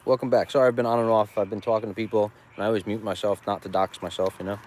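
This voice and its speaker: A rambling, joking male farmer talking casually to his livestream viewers from a roadside stand. He laughs often and wanders from thought to thought. Passing traffic is clearly heard in the outdoor recording. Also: on the low side, steady tone, very fast, darkish tone. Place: outdoors beside a busy road.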